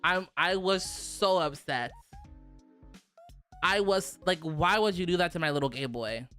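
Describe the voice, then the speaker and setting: A young adult woman chatting casually on a stream, animated, profane and quick to laugh. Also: lowish voice, faint music behind. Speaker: virtual streamer.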